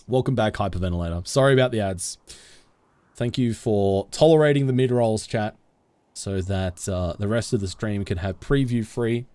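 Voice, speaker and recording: A man streams a game from home, chatting playfully with viewers and reading their messages aloud into a desk mic. His voice is on the low side and warm, at a moderate pace, and the recording is dry. The live-stream talk is casual and jokey.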